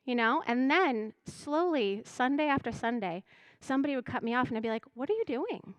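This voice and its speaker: A woman giving a spiritual message to a congregation, speaking gently and reflectively, often voicing her own inner thoughts. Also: fairly high pitch, fairly quick, clean tone, dry recording. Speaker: church music director giving a message.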